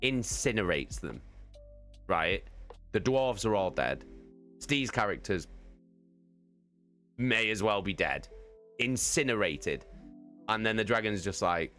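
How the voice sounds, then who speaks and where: A man's voice: on the low side, expressive, slow pace, long pauses, bright, forceful tone, faint music behind. A man streaming live, casually telling a tabletop game story, swearing constantly and laughing often.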